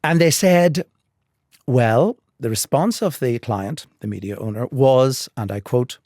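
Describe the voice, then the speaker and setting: An older man with a Northern Irish accent tells his career stories in a podcast interview, measured and articulate, with a dry wit. His voice sits at an ordinary pitch. The sound is dry and close, with no room around it. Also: darkish tone, dry recording. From Northern Ireland. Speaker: guest.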